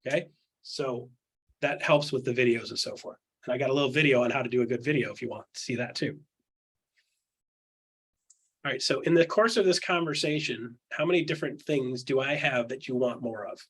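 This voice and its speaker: Husky, punchy real estate coach. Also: male voice, mid-range voice, brisk, a bit bright. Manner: acts out quotes in other voices; punchy, rhetorical questions. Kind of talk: candid coaching chat.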